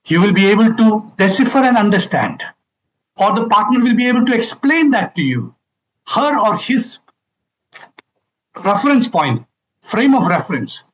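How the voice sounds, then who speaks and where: Animated high-pitched man lecturing. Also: lo-fi sound. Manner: emphatic, repeats key phrases, acts out quoted lines. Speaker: family seminar speaker. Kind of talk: public talk to an audience.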